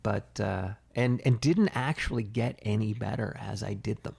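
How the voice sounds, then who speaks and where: Male podcast co-host, gravelly, easygoing storyteller. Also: on the low side, normal speed, darkish tone. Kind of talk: casual chat.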